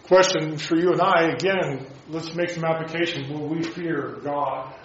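Halting man preaching a sermon. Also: fairly high pitch, steady tone, a bit bright, reverberant, highs cut off, slight background noise. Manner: halting, with many restarts and rhetorical questions.

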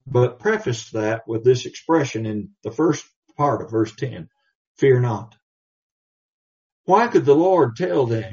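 A man's voice: mid-range voice, expressive, a little mellow. Male preacher, emphatic scripture reading, distant muffled recording. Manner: emphatic, reads scripture slowly in old English. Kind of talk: sermon.

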